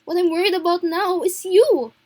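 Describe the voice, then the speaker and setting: A woman's voice: extremely high pitch, moderate pace, a little mellow, no echo, voice pushed up. A woman reading as an earnest, tender game heroine. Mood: worried.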